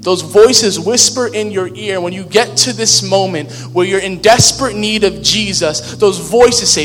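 A man with a high-pitched voice preaching in a loose, joking, conversational way. His voice carries a long reverb from a large church hall, and faint music sits underneath. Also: moderate pace, few pauses, fairly bright tone. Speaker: pastor. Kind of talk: sermon.

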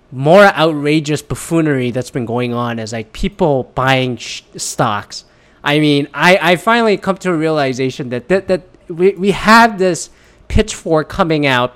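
Profane ranting man, slightly high voice. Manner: profane, sardonic, rambling. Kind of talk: casual rant.

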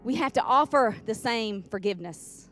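Lady preacher, kinda high voice, folksy, repeats herself for emphasis, soft music under her. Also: animated, normal speed. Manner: folksy, repeats lines for emphasis, calls on the congregation. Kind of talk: sermon. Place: church sanctuary.

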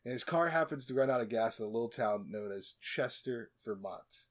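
A man's voice: medium pitch, animated, fairly quick. A man hosting a podcast, retelling a movie plot in a casual, joking way with plenty of asides and restarts. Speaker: podcast host. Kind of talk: casual comedic movie recap.

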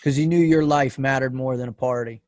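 A man's voice: mid-range voice, steady tone, fairly quick, a little mellow, no room sound, clean studio sound. A man hosting a podcast who gives brief, supportive interjections during an interview. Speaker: podcast host. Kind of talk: interview reactions.

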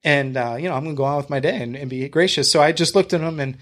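Podcast guest, male, fairly high voice, swears freely, tells a story with many restarts. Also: quick pace, fairly bright tone. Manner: blunt and profane, retelling a confrontation; talks to the host with fillers and restarts. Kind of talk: casual storytelling.

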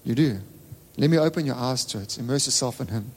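A man preaching a sermon as pastor, with emphatic repetition and sudden swings between loud and soft delivery. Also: medium pitch, brisk. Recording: long hall reverb.

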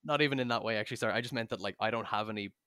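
A man, a guest game master, telling a story in a rambling, animated way with many fillers and restarts and plenty of swearing. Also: lowish voice, racing, no room sound, clean studio sound. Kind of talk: casual podcast chat, storytelling.

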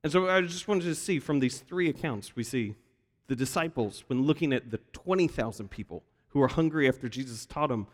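A man's voice: mid-range voice, animated, fairly quick. A male pastor giving a sermon in a church, telling the story with animation and acting out the quoted voices. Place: church sanctuary. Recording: long reverb of a large hall.

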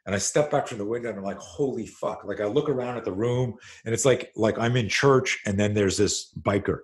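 Lowish-voiced man telling a profane story. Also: a little fast. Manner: profane, animated storyteller who acts out scenes. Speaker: self-defense instructor, podcast guest. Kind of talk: storytelling in a conversational interview.

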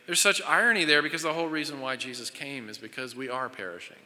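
A man's voice: medium pitch, fast, pushed and bright. A man preaching a sermon as pastor, speaking earnestly, often repeating and restarting his words. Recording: long reverb of a hall.

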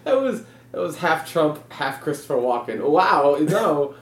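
A young man in casual comedic chat, spinning deadpan absurd tangents. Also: a little high, measured pace. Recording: roomy echo.

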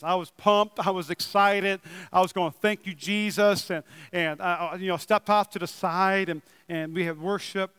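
An excitable young male pastor with a high, bright, clear voice, preaching in a church. He builds to loud emphatic bursts, then drops into easy, chatty storytelling. His body mic sounds dry, with a long reverb tail from the hall. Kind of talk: sermon. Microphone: wearing a microphone.

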